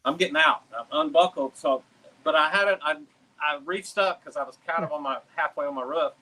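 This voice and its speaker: A man, a drag racing driver and guest, telling a crash story in a lively, animated way and acting out shouted quotes. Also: fairly high pitch, a little fast, low-quality recording. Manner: animated, swears casually, acts out shouted quotes. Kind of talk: casual storytelling.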